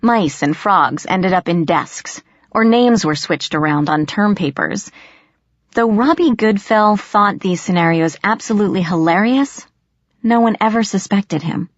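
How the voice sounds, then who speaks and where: A woman narrating an audiobook in first person, expressive and storytelling. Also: medium pitch, unhurried, dry recording. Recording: dry, slightly dull audio.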